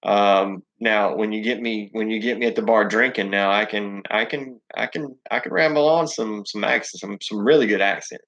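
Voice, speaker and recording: Southern man, rambling profane stream host, lowish voice, dull lo-fi sound. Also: normal speed, hardly any pauses, fairly bright tone. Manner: rambling, profane, many ums and restarts. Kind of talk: casual live chat reading comments.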